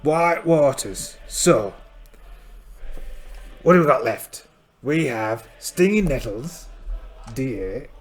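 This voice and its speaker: A man's voice: mid-range voice, expressive, takes it slowly, long pauses. Playful man narrating a game. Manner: playful, storytelling, thinking aloud over dice. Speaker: solo game player and host. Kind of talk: narrating a solo tabletop game. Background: faint music backing track.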